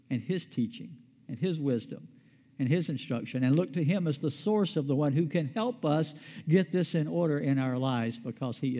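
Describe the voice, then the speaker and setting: A man's voice: medium pitch, mellow. A man pastor preaching a sermon in a conversational way, asking his listeners questions and answering them himself. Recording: long reverb of a large hall.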